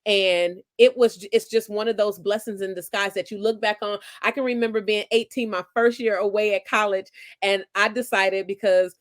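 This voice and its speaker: A woman's voice: mid-range voice, fairly even intonation, moderate pace. A woman in her forties, a guest author in an interview, with a mid-range voice. She tells personal stories in an earnest, reflective way and often restarts her sentences. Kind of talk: conversational interview.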